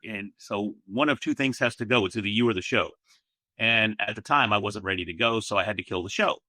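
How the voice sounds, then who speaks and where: A man chatting as a guest on a podcast, telling stories in a relaxed, animated way. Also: fairly low pitch, brisk, no room sound. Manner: relaxed storyteller, animated asides. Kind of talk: casual conversational interview.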